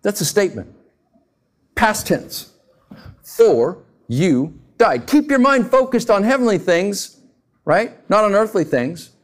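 A man preaching a sermon as a pastor, talking to the congregation in an animated, conversational way with frequent rhetorical questions. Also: high-pitched, measured pace.

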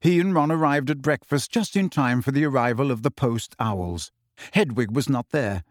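A man narrates a novel for an audiobook, steady and controlled as he follows the script. His mid-range voice comes through at studio quality with no echo.

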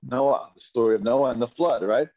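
A man's voice: mid-range voice, normal speed. A man teaching a Hebrew reading lesson, patiently repeating and drilling each pronunciation for his students. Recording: dull lo-fi classroom recording.

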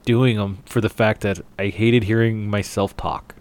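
A man co-hosting a casual podcast, relaxed and dry. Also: fairly low pitch, measured pace. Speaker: podcast co-host.

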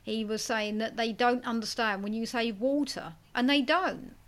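Chatty woman, fairly high voice. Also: moderate pace, fairly bright tone. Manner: chatty, self-mocking, reads out listener comments. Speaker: podcast co-host. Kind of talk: casual film podcast chat.

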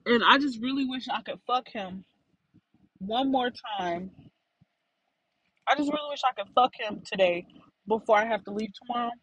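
A woman's voice: on the high side, normal speed, pauses often, fairly bright tone, husky, dull audio. A young woman telling a frank story to her listeners in a rambling, casual way.

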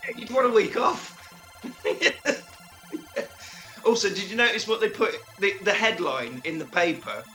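A man co-hosting a podcast, recapping a film in casual chat with animated, joking retelling and acted-out quotes. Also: sits high, measured pace, pauses often, soft background music. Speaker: podcast co-host.

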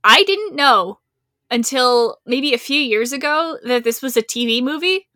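A woman's voice: sits high, expressive, measured pace, sharp tone, no room sound, studio quality. A woman co-hosting a casual film-review podcast, chatty and enthusiastic, often laughing along. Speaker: podcast co-host.

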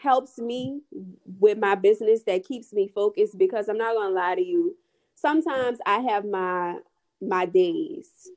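A woman speaking in a relaxed podcast conversation at a middle pitch. She talks with emphasis, repeats phrases to drive her point home, and draws out some words. Her tone is down to earth and conversational. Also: measured pace. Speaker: beauty brand owner, guest.

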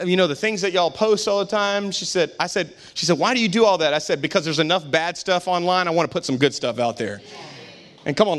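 A man's voice: on the high side, a bit bright. A middle-aged man preaching a sermon as pastor, fervent and calling out to the congregation, then telling stories in a chatty, joking way.

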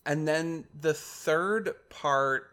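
A man's voice: on the high side, extremely slow, a bit bright. A man co-hosting a casual podcast, talking hesitantly and enthusiastically about a film. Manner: hesitant, many fillers and restarts, enthusiastic. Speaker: podcast co-host.

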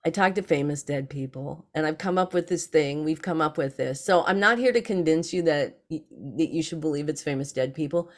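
A woman guest on a podcast interview, telling stories in an animated way and acting out other people's lines. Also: low voice, fairly quick, hardly any pauses. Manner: animated, acts out others in lively quotes.

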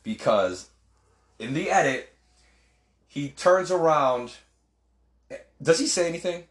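Man, casual film chat, lively and profane, roomy echoey room. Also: a little high, slow pace. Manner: animated, swears a lot, acts out film lines. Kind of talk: casual movie discussion. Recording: roomy echo.

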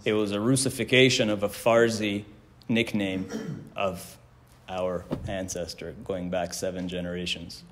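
A man's voice: fairly low pitch, a little hiss or hum. A man teaching a religious class in a casual, conversational way, telling stories and quoting verses. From Canada. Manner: conversational, chuckles often, quotes Hebrew verses. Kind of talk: casual lecture with storytelling.

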